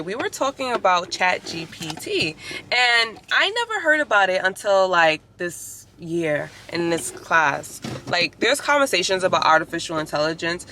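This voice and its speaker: A woman's voice: on the low side, sharp tone, a little hiss or hum. Chatty young woman vlogging. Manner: chatty, opinionated, lots of "like". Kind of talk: casual storytelling vlog.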